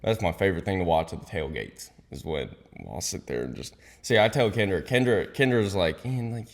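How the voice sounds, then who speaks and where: Brief: young man, very low voice, rowdy podcast guest with crude humor. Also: fairly quick. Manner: animated, crude joking storyteller. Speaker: guest content creator. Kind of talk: casual podcast chat.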